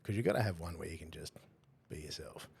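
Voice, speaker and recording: A very deep, gravelly Australian man hosts a casual interview podcast. His voice is heavily husky, yet it swings widely in pitch as he rambles through swear-laced stories. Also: expressive, quick pace. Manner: loose, rambling storyteller with bursts of laughter and swearing. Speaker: podcast host.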